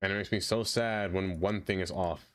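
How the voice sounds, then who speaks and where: A man's voice: sits low, steady tone, normal speed, fairly bright tone. A young man from Brooklyn, rambling and joking as he reads chat on a casual gaming stream. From Brooklyn, New York.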